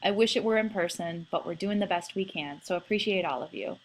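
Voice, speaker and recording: A woman's voice: lowish voice, a little fast. A woman teaching French to her class in a recorded video lesson, spelling out verb forms in an encouraging, playful way.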